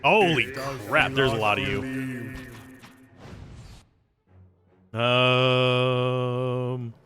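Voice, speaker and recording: A man's voice: medium pitch, fairly even intonation, very slow, over music. A man streaming a role-playing game, chatting casually, reading the on-screen text aloud and calling out moves for his party. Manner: chatty, giving tactical calls to his party. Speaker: let's play streamer.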